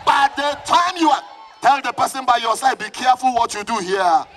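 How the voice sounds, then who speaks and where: High-voiced fervent Nigerian preacher, shouting. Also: male voice, expressive, fairly quick, some chatter behind. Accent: Nigerian English. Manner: fervent, often shouting, calls on the congregation to respond. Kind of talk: live sermon. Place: church service.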